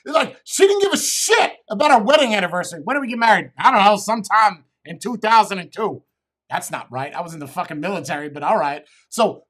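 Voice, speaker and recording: A man's voice: sits high, a bit bright, slightly rough. A middle-aged man telling crude, rambling comic stories to a live chat and swearing constantly. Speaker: comedian streamer.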